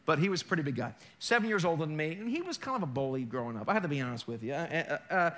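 A man delivers a sermon in a high, ringing voice. He tells stories with animated energy and banters with his congregation. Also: racing. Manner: animated storytelling, mimics accents, jokes with congregation. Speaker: pastor.

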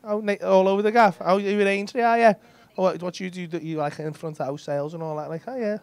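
Sweary comedian doing crowd work. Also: male voice, high-pitched, steady tone, fast talker, gravelly, a little mellow, clean tone, no echo. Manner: cheeky, sweary banter with audience members. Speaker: stand-up comedian. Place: comedy club stage. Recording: live club with audience laughter.

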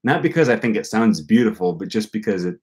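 Young male host, slightly low voice, loose rambling livestream chat, thinks out loud. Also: lively intonation, quick pace. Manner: rambling, thinking aloud with many fillers. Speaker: language-learning channel host. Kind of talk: casual livestream talk answering comments.

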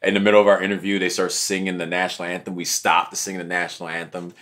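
A young man, an interview guest, telling his story in a casual, animated way and acting out what others said. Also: low voice, quick pace. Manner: animated, acts out quotes of others.

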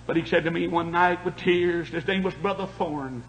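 An older man preaching a fiery revival sermon, swinging between shouted peaks and quiet, hushed stretches. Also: on the high side, normal speed, rough recording.

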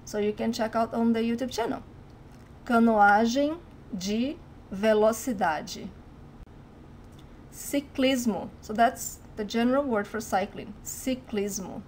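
A woman with a Brazilian accent gives a language lesson, speaking slowly and carefully and repeating each word. Her voice sits a little high, with a faint hiss of background noise. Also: a little mellow. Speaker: language teacher.

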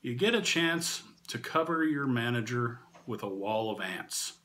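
A man casually telling a funny anecdote, animated and often laughing through the story. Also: mid-range voice, unhurried. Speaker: channel host and storyteller.

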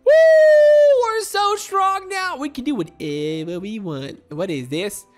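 A woman voicing Baby Sonic, a boastful, excitable baby hedgehog, during playful game role-play. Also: mid-range voice, unhurried, faint music behind, pitched below the performer's own voice. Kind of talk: Roblox gameplay role-play.

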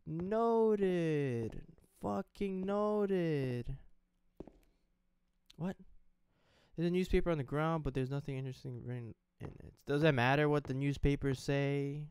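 A young man commenting casually as he plays through a horror game, reacting out loud, swearing and talking to the screen. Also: mid-range voice, fairly even intonation, a little fast, clean tone, no room sound. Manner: jumpy, swearing, talks to the game. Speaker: gaming streamer. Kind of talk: let's play commentary.

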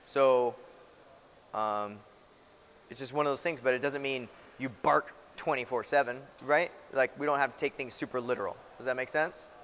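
A male instructor gives a classroom lecture in a mid-pitched voice. He talks in a loose, conversational way and keeps checking in with his listeners. The recording carries a long reverb tail, as if from a large hall. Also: moderate pace, fairly bright tone, a little hiss or hum. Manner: conversational, often checks in with "right?". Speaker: military instructor.

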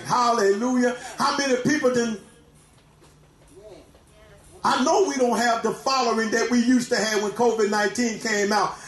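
A man preaching a sermon, often shouting and crying out hallelujah. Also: very high-pitched, roomy sound. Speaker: pastor. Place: church.

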